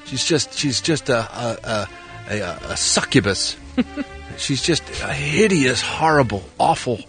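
A man's voice: mid-range voice, expressive, a little slow, a bit bright, faint music behind. A man reading the entertainment news on a morning radio show, opinionated and sarcastic.

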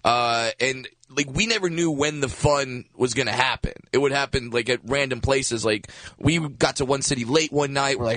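A man telling a travel story with animated energy in casual conversation. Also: medium pitch, normal speed, no room sound. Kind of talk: casual chat.

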